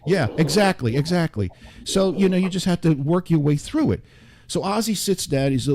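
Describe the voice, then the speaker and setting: An older man, a radio broadcaster, telling stories as a guest in a radio studio interview, lively and full of quick asides. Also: a little high. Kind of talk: storytelling interview chat.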